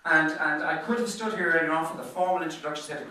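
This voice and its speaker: A man's voice: a little high, fast talker, bright, forceful tone. An Irish man giving an after-dinner business presentation at a golf club, telling anecdotes in a chatty way and often repeating words as he goes. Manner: chatty storyteller who stutters on repeated words. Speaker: business speaker. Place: function room at a golf club. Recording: very echoey room, mic far off.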